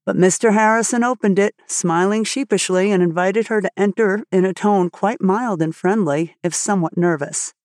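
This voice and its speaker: A woman narrates a classic storybook in a measured, expressive reading voice at a middle pitch. The recording is close and dry, with no room sound. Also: no room sound. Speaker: audiobook narrator.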